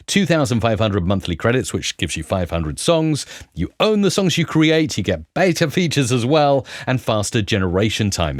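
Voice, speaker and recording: A man hosting a tech channel, walking viewers through software on screen in an upbeat presenter tone. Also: medium pitch, dry recording, studio quality. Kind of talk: screen-recorded software walkthrough.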